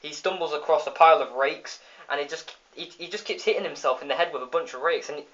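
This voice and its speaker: An episode reviewer gives a casual spoken review on a dull phone recording. His voice is a little high and fairly bright, and he talks fast, rambling through the retelling with many restarts and fillers.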